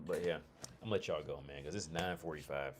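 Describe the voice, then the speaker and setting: A middle-aged man from Ohio streams a casual livestream chat in an extremely low-pitched voice, steady in tone and quick in pace. He rambles and swears, restarting his sentences often, with slight background noise behind him.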